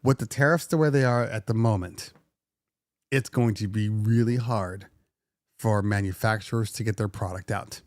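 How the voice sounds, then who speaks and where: A middle-aged man with a lowish voice speaks at a moderate pace while hosting a casual DJ podcast livestream. He vents animatedly and shifts into sarcastic mock voices, and there's no room sound on the recording.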